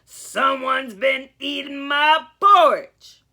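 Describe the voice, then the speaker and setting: Woman doing storybook papa bear, gruff, grumbling, slow. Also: sits high, pushed and bright, full character voice. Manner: grumbling, growling delivery.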